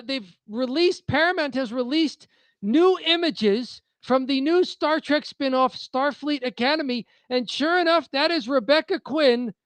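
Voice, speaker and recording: A man's voice: extremely high pitch, a bit bright, no echo. A man co-hosting a wrestling podcast, reading news in a chatty, joking way with frequent restarts. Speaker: podcast co-host. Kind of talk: casual wrestling news chat.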